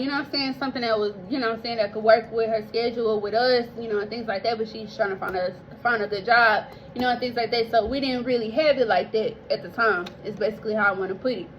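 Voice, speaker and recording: A woman's voice: a little high, muffled recording, a little hiss or hum. Emotional woman telling her life story. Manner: rambling, heartfelt, addresses listeners as y'all, swears casually. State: emotional, near tears. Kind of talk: casual personal storytelling.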